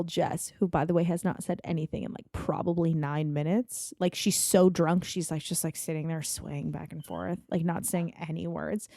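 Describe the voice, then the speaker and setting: A woman telling a bad date story in casual chat, lively and swearing as she acts out what people said. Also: fairly low pitch, no room sound, clean studio sound. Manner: animated, swearing, acts out quotes. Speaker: guest.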